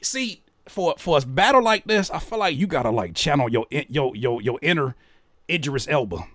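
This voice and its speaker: A man's voice: on the high side, animated, moderate pace, a bit bright, no echo, studio quality. A man hosting a reaction video, joking, cursing in slang and rereading lines aloud. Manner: profane slang. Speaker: reaction host. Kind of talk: casual reaction commentary.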